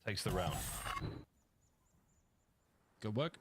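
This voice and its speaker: A man giving rapid, excitable play-by-play commentary on an esports match, voice rising sharply on big plays. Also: fairly low pitch, a crowd in the background. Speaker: esports caster.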